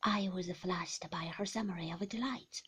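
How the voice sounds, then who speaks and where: A woman reading a classic novel aloud in a soft, half-whispered voice. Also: on the low side, steady tone, moderate pace, breathy edge. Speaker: narrator. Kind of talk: storybook reading.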